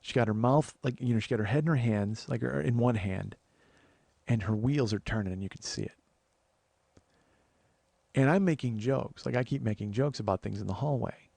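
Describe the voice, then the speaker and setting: A man's voice: mid-range voice, normal speed, vocal fry, dark tone, no echo. A man hosting a comedy podcast, telling a long story in a rambling, conversational way. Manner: rambling, conversational, many fillers. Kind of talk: storytelling monologue.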